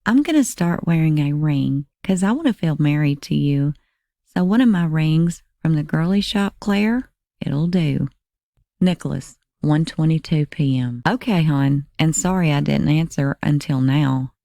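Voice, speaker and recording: Crime narrator, female: deep, mellow read of text messages, dry close sound. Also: animated, a little slow, dry recording. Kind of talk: reading text messages aloud.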